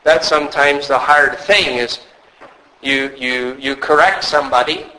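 Man preaching with a bright, tense voice. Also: medium pitch, steady tone, low-quality recording. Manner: earnest, measured preaching with storytelling asides. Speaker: pastor. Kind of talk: sermon.

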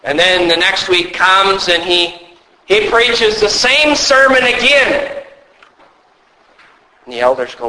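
Male pastor, sermon delivery, earnest and measured, slightly raised pitch. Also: lively intonation, bright, forceful tone, poor audio. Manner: earnest, measured preaching with storytelling asides.

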